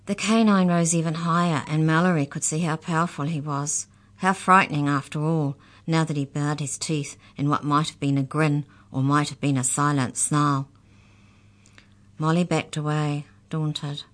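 A woman reads a children's storybook aloud, clear and expressive. Her voice sits low and calm. She keeps a steady storyteller's pace. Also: normal speed.

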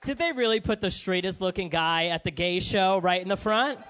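A brash stand-up comedian with a notably high voice, telling profane family stories with lots of animation. He is performing live in a basement club. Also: fairly quick, hardly any pauses, fairly bright tone, a faint crowd, slight background noise. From United States.

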